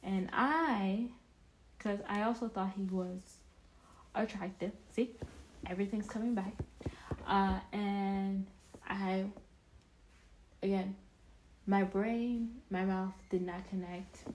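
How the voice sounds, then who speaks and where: A woman's voice: medium pitch, steady tone, slow pace, long pauses, a little hiss or hum, rough recording. A young woman vlogging casually, telling a self-deprecating story in a rambling, chatty way with many restarts.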